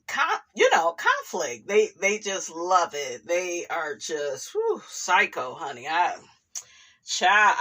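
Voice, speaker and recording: A woman talks slowly and leans into her words while she dishes gossip on her channel. Her pitch swings all over the place as she goes. She reads viewer comments aloud with sassy, drawn-out asides and keeps breaking into laughter. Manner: sassy and expressive, frequent laughter, drawn-out asides with "honey" and "child".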